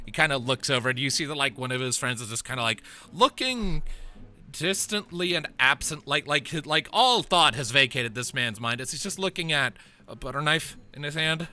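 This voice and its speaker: A man narrating as game master of a tabletop game, animated and laughing, with lots of fillers. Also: medium pitch, moderate pace.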